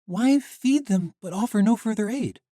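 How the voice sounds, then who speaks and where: A man's voice: high-pitched, expressive, moderate pace, mellow, no room sound, clean studio sound, voice pushed up. A man voicing a bold, determined young heroine who speaks with defiance. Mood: questioning.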